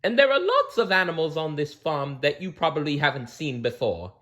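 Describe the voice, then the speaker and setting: A man voicing a friendly, chatty female farm cow in a storybook reading, in a high, squeaky sing-song voice. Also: sing-song, a little fast, a bit bright.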